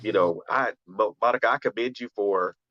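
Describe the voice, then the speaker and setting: Earnest low-voiced man, dry dull sound. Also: normal speed, no room sound. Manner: earnest, repeats and restarts phrases. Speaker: radio show host and poet. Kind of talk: conversational talk, then spoken-word poetry.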